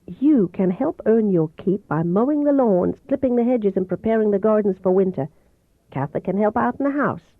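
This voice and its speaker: A gentle, persuasive male doctor with a soft, melodious voice and a slight Southern accent, as a woman reads him aloud. He coaxes and teases calmly. The recording sounds dull and dry. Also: mid-range voice, normal speed, no echo, pitched above the performer's own voice. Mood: coaxing. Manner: calm, coaxing, gently teasing.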